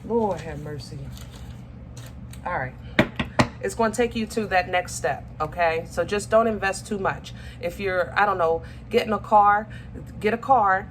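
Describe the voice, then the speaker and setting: A woman's voice: mid-range voice, normal speed, background noise. A woman giving a casual tarot reading to her viewers, chatty and affectionate, often stopping to search for her words. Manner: chatty, affectionate, calls viewers baby and y'all; searches for words, many ums and restarts. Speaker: tarot reader.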